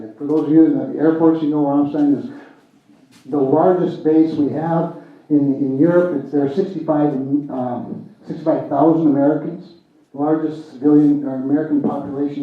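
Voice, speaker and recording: A man's voice: fairly high pitch, steady tone, moderate pace. A man giving a speech at a political convention, telling a story with fillers and restarts. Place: convention hall. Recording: echoey hall, distant, tinny lo-fi.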